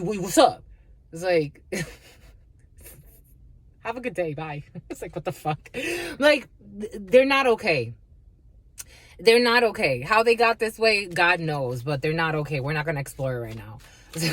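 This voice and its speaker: A woman's voice: medium pitch, fairly bright tone, no room sound. A woman giving a casual spiritual reading, blunt and profane, laughing often and calling listeners her lovies. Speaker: spiritual reader.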